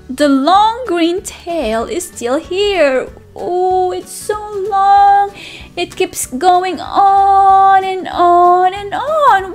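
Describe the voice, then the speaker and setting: A woman teacher reading a picture book aloud to toddlers, animated and sing-song, with excited gasps and friendly questions to the children. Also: very high-pitched. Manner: speaks directly to young children with questions and praise. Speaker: children's teacher and channel host. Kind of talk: read-aloud storytelling for toddlers.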